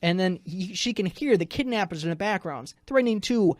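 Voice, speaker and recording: A man's voice: high-pitched, fast talker, few pauses, darkish tone, no room sound, clean studio sound. A man co-hosting a radio podcast, telling a news story in a rambling, jokey way, sounding tired. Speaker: news director, co-host.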